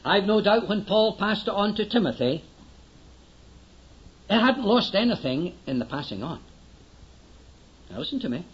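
Older man, sermon, high voice, earnest and emphatic, dull lo-fi recording. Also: animated, moderate pace, long pauses. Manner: earnest, emphatic, pleading with listeners to listen. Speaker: preacher.

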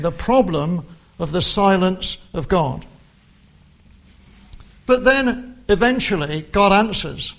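Slow, high-voiced male preacher. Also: animated, vocal fry, fairly bright tone. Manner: slow and deliberate, quoting scripture with rising emphasis. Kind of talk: sermon.

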